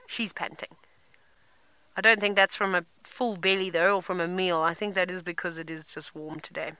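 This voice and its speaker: A woman's voice: lowish voice, fairly even intonation, brisk, hardly any pauses, bright, forceful tone, clean tone. A woman safari guide giving chatty live commentary from an open vehicle outdoors and answering viewers' questions. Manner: chatty, informative, thinks aloud.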